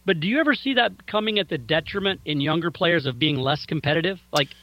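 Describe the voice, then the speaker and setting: Fast, animated man on a slightly muffled mic. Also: fairly high pitch, dry recording. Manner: animated storyteller who acts out other people's lines. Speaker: podcast co-host. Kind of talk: casual podcast chat.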